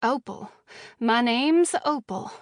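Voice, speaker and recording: A woman's voice: on the high side, animated, slow pace, dry recording, studio quality. A woman voicing a brash, sarcastic young woman who swears freely, as audiobook dialogue. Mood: demanding. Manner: sarcastic, foul-mouthed.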